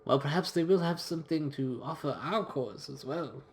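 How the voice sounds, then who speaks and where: A man voicing a calm, wise gentleman explorer, reading game dialogue aloud in a low, measured voice. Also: lightly acted.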